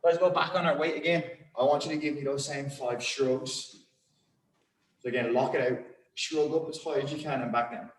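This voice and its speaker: A man's voice: fairly high pitch, steady tone, moderate pace, roomy sound. A man coaching a group weightlifting class, calling out positions and counting down holds with encouragement. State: out of breath. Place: gym.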